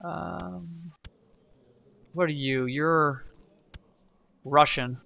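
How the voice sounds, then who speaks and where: A man hosts a relaxed gameplay tutorial, reading event text aloud and drifting into side remarks. His tone is bright and forceful, set slightly higher than most men's. The recording is dull and lo-fi. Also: drawn-out words, gravelly. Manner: chatty, rambling, reads game text aloud, self-correcting. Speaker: let's play host. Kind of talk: casual gameplay tutorial commentary.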